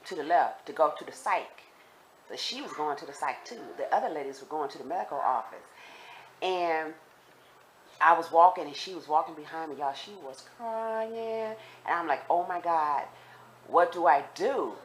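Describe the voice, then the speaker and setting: Low-voiced woman telling a story to viewers. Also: normal speed, a little hiss or hum. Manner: animated, talks straight to viewers, repeats for emphasis. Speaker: vlogger telling a personal story.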